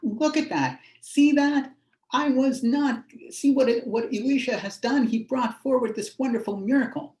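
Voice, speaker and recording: Male rabbi doing a young woman bursting with joy, high and breathless, roomy room sound. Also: moderate pace, darkish tone. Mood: elated. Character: excited young woman telling the town of miracles.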